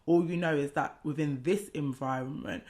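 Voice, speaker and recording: A woman's voice: low voice, normal speed, darkish tone. Woman cohost, supportive and reflective, casual chat. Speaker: podcast co-host.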